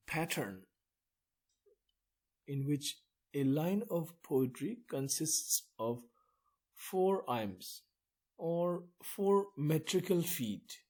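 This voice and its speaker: A man giving a poetry lesson, explaining slowly and deliberately, with pauses between phrases. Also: fairly high pitch, warm tone. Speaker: literature teacher.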